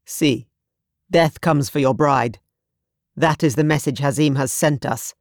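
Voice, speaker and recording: A storybook narrator voicing a fierce, protective young husband who speaks firmly and grimly. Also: male voice, a little high, measured pace, no room sound, clean studio sound. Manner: firm, grim, commanding.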